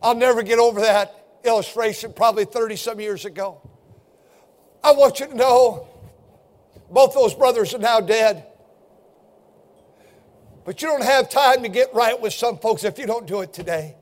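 An older man preaches from the pulpit in a strikingly high voice. His delivery is impassioned, pressing each point and swelling into shouts as he exhorts his congregation. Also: moderate pace, long pauses. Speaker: pastor. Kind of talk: fiery sermon.

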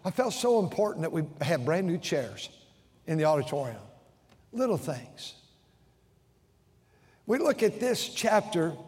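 Older pastor preaching high, hall reverb. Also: male voice, darkish tone. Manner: emotional, repeating himself with stammered restarts. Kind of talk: sermon. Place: large church auditorium.

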